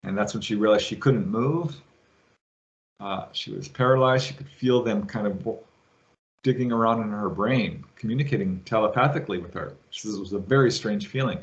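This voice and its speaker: A man guest on an interview show, retelling a witness's story with lively quoted voices. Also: fairly low pitch, moderate pace, lo-fi sound. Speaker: guest, UFO researcher.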